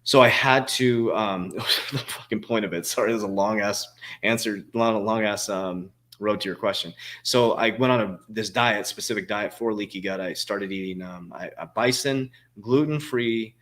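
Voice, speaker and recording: Rambling, profane man in his forties, fairly low voice. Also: normal speed, a bit bright. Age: 40s. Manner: rambling, profane, frequent fillers and restarts. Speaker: crypto coach answering viewer questions. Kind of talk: casual livestream Q&A.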